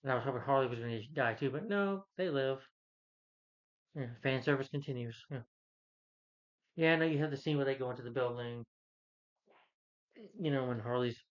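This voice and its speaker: A man's voice: mid-range voice, lo-fi sound. A man giving a casual, opinionated movie review, rambling with many restarts and fillers.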